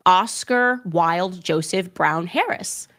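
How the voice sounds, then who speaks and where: A woman presenting documents in a commentary clip, laying out evidence in a measured way, step by step. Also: lowish voice, fairly bright tone.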